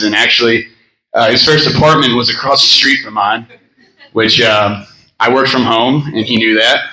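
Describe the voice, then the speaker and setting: A man in his thirties with a medium-pitched, bright, forceful voice gives a eulogy at a memorial gathering in a room. His rambling speech is full of personal stories, fillers and laughter, and the rough recording sounds roomy.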